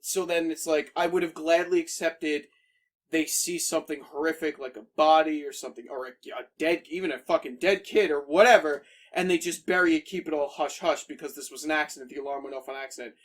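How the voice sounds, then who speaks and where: A man's voice: a little high, a little fast. A man co-hosting a casual podcast chat, rambling and swearing freely with frequent restarts. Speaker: podcast co-host.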